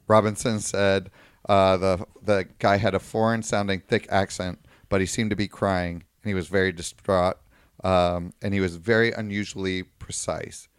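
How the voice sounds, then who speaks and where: A man with a low, smooth, resonant voice tells a long story on a casual podcast. He paraphrases what the people involved said as he goes. The sound is dry and close, with no room echo. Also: flat delivery, normal speed. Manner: recounts a news story at length, paraphrasing quotes. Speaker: podcast co-host.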